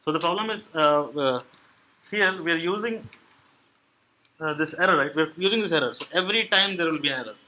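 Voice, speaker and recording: A man presents at a tech meetup, explaining in halting steps with many fillers. His voice sits a bit high and sounds bright. A faint hum runs behind him. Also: animated, poor audio. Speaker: meetup speaker on Android programming. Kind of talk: live technical talk with audience questions. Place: meeting room at a tech meetup.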